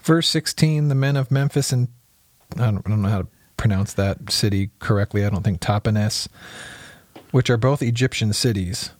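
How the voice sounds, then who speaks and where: A man's voice: lowish voice, moderate pace, no room sound. Man pastor reading verses and asking. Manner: reads verses aloud, questioning. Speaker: pastor, podcast co-host. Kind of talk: casual Bible discussion.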